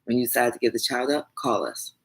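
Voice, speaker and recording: A woman's voice: rumbling low, expressive, a little fast, background noise. A woman voicing a stern, wealthy, middle-aged mother who scolds her grown daughter in an audiobook. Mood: cold. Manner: reproachful, indignant.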